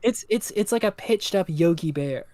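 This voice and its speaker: A relaxed young co-host chatting casually on a livestream, easygoing and quick to chuckle. The voice sits at a middle pitch and comes through a close, dry microphone with no room sound. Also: no room sound.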